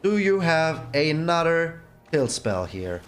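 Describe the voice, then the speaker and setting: A man's voice: on the high side, very animated, a little slow, faint music behind. A man hosting his own gaming channel, giving casual gameplay commentary and exclaiming in exasperation at his bad luck.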